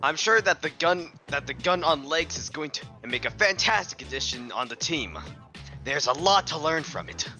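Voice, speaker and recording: A man's voice: a little high, expressive, moderate pace, pushed and bright, faint music behind, heavily acted. A man in a live fan dub voicing an earnest, fight-obsessed young boxer who gets intense and stumbles over words.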